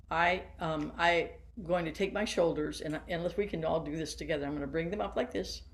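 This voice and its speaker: A woman's voice: low-pitched, gravelly. Older woman leading a band lesson. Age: 70s. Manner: warm, hands-on, guiding listeners through exercises. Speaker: band teacher. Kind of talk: workshop lesson for teachers. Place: seated.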